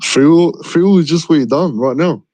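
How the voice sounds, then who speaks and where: A man's voice: on the high side, normal speed, warm tone, no echo, poor audio. A man calling into a live stream who argues his case earnestly, repeating words and restarting often. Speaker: caller.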